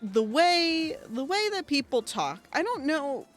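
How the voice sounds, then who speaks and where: A woman streaming a video game, rambling excitably with lots of fillers into a desk microphone at her computer. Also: high voice, a little slow, soft background music. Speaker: gaming streamer. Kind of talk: casual let's-play commentary. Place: at home at a computer.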